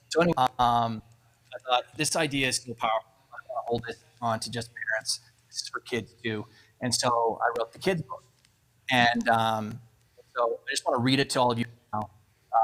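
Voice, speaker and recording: A middle-aged man addresses an awards event with a motivational speech. He tells his stories with energy, acts out the dialogue, and drops into soft asides. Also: mid-range voice, moderate pace, low-quality recording. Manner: animated storyteller acting out dialogue. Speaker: keynote speaker. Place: event hall.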